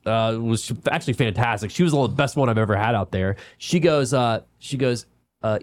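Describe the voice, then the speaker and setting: A man hosting a golf podcast tells a rambling story in casual chat. He talks in animated bursts, quotes other people quickly and laughs often. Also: mid-range voice. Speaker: podcast host.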